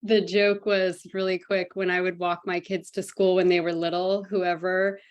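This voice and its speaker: A woman joining a casual chat as a workshop participant, telling a quick story with amusement and laughing as she goes. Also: fairly low pitch, little pitch movement.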